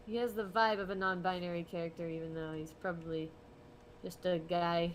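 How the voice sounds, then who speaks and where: A young woman rambles through a relaxed chat while she draws live on stream. She laughs a lot and drifts between lively talk and soft mumbling to herself, and a faint hiss sits under her voice. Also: fairly low pitch, fairly quick. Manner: rambling, chatty, laughs often. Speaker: art streamer. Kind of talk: casual chat while drawing.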